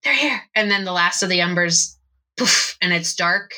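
Bright-voiced woman running a tabletop game. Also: on the low side, rough recording. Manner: animated, slips into quick character voices. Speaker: game master.

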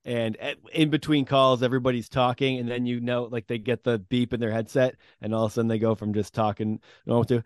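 A man hosts a podcast in relaxed conversation, making wry, dry jokes between hesitant fillers. His voice is smooth and clear at a middle pitch for a man. It is recorded close and dry. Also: quick pace, hardly any pauses, dry recording. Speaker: podcast host. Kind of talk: casual podcast chat.

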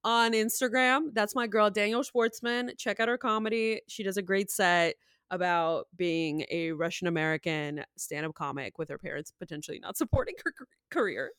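A woman's voice: medium pitch, moderate pace, a bit bright, clean tone, dry recording, clean studio sound. A woman co-hosting a podcast, chatting casually with blunt, joking reactions. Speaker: podcast co-host. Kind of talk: casual chat.

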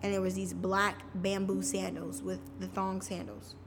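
A woman's voice: mid-range voice, flat delivery, moderate pace. A woman telling her own story on a podcast, casual and candid, often saying "like". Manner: casual, frequent "like" fillers. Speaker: podcast guest. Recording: reverberant room with faint music.

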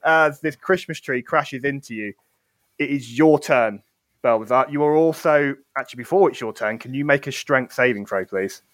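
A man's voice: medium pitch, moderate pace, fairly bright tone, no room sound. A man running a tabletop game as game master, narrating playfully and laughing often.

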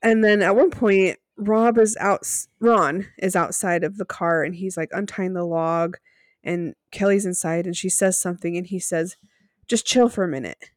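This podcast co-host has a fairly low, steady voice and talks at a moderate pace, recorded in a studio with no room sound. She chats casually, laughing often as she recaps events.

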